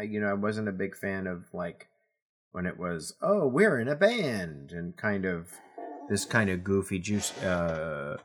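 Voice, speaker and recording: A middle-aged man from New Jersey, co-hosting a casual podcast chat and rambling with lots of restarts. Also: fairly low pitch. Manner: rambling, full of restarts and fillers. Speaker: podcast co-host.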